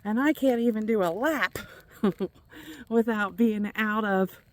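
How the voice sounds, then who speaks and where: A woman's voice: mid-range voice, slow pace. A middle-aged woman with a Kentucky accent, out of breath as she chats casually with viewers while walking laps outdoors. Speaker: vlogger. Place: outdoors, walking around a neighborhood.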